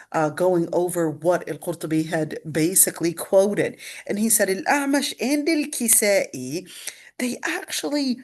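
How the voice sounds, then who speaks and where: A woman lecturer teaching a Quran commentary lesson, talking casually and explaining as she reads, with frequent fillers and restarts. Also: lowish voice. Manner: conversational, with many fillers and self-corrections; explanatory, walking through a text. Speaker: Islamic studies lecturer.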